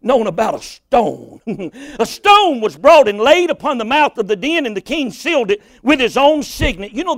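A man preaching with fervor, his voice sitting very high for a man. He reads scripture steadily, then swells into shouts and cries. The sound is close and dry. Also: no room sound. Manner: impassioned, rising to shouts and cries. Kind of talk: sermon.

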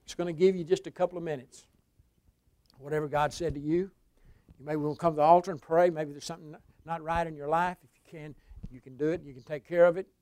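A pastor preaching in a folksy storytelling voice, pitched a little high for a man. He drops to a hush and then rises to a shout. The sound is dry and close-miked. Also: steady tone, fast talker, dry recording. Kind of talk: sermon testimony.

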